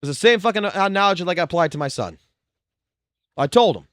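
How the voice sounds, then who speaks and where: A man's voice: sits high, expressive, fast talker, long pauses, fairly bright tone, no room sound, studio quality. A man streaming live, ranting with constant swearing in a heated, blunt way. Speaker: livestreamer.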